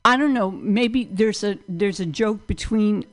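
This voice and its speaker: A woman hosting an open mic, giving gentle notes and introducing comedians. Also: medium pitch, measured pace. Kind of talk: emceeing and giving feedback.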